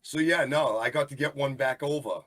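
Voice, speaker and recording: A man's voice: mid-range voice, moderate pace, fairly bright tone. A blunt, brash man in his forties with a Boston accent, chatting casually as a podcast guest. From Boston, USA. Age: 40s. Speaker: guest, wrestling referee. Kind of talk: casual chat.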